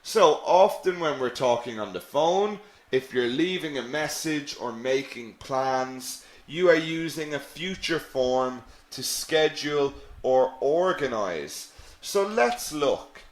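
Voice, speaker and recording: Slow, patient male English teacher. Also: mid-range voice, animated. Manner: slow, patient, repeats phrases, answers viewers' questions. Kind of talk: live online English lesson. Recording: echoey room.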